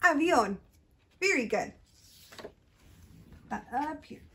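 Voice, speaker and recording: Children's librarian, woman, high bouncy sing-song delivery, unhurried, alternating English and Spanish for toddlers. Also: expressive, fairly bright tone, a little hiss or hum. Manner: switches between English and Spanish. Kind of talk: bilingual storytime reading and singing.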